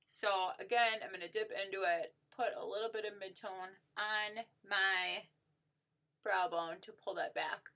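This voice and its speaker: A woman's voice: mid-range voice, steady tone, unhurried, pushed and bright. A woman giving a casual makeup tutorial while demonstrating on herself, upbeat and gushing, with lots of "like" and "so" fillers.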